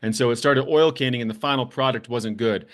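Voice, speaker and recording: A man's voice: mid-range voice, a little fast. A man hosting a construction business show, giving blunt, plainspoken advice and telling stories, with the odd swear word. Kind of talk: casual advice talk to camera.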